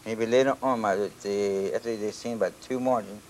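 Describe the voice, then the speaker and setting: An older Navajo man, a traditional singer whose first language is Navajo, answers interview questions in halting, restarting English. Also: on the low side, steady tone, darkish tone, a little hiss or hum. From Navajo Nation. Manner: halting, searching for words, many restarts. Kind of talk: archival interview.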